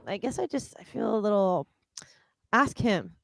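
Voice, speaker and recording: A young adult woman co-hosting a casual comedic chat, playfully riffing and dropping into low mock voices. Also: expressive, normal speed, gravelly, no echo, low-quality recording. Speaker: co-host.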